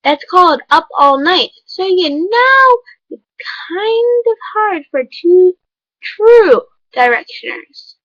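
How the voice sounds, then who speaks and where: A woman's voice: extremely high pitch, sing-song, slow pace, fairly bright tone, no room sound, muffled recording. A woman vlogger talking to camera in an emphatic, lecturing, chatty way. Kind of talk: casual vlog monologue.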